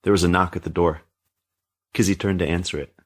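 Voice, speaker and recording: A male storyteller reads a dark family tale aloud with a steady, measured delivery. His voice sits deep and low, with a husky edge to it. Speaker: narrator. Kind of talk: storybook reading.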